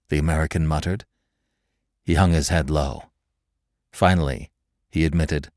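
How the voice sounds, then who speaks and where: A man narrating a thriller audiobook in a measured, dramatic storytelling manner. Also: rumbling low, dry recording, clean studio sound.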